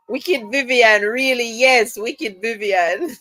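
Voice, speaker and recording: A woman with a higher, bright voice hosts a live chat, talking slowly and teasing her viewers as she reads their comments. She laughs often and keeps it chatty. The sound is close and dry. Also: dry recording, low-quality recording. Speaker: livestream host. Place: at home, camera off.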